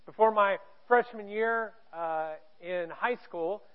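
A man's voice: high-pitched, slow pace. A man from Indiana preaching a sermon in a church auditorium, candid and self-deprecating, with a joking manner. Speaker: pastor. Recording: tinny, phone-like narrow sound.

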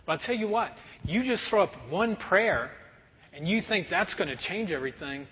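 A pastor preaching a sermon to a congregation, lively and often acting out everyday scenes in quick put-on voices. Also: male voice, high-pitched. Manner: animated, acts out kids and parents in quick voices. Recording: muffled sound with long hall reverb.

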